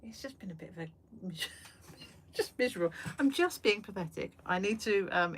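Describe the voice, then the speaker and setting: A woman hosting an art live stream from a small shed studio, chatting casually and laughing at herself. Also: medium pitch. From England. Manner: chatty, self-deprecating, rambling with fillers. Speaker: art livestream host. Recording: faint background noise.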